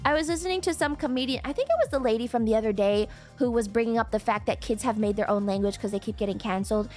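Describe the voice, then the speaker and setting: A woman's voice: fairly high pitch, fast talker, darkish tone. A young woman streamer chatting casually with her viewers, playful and laughing often. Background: music.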